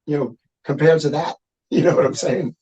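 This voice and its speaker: A middle-aged man, a guest musician, telling stories in a casual, profane, animated interview chat. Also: a little high, moderate pace, muffled recording, a crowd in the background.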